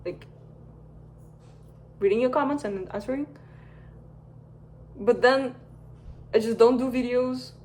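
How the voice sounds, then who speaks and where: A young woman reading a cozy scenario as a bedtime story, soft and unhurried, with casual chatty asides to her viewers. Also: a little high, slight background noise. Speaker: fan content creator.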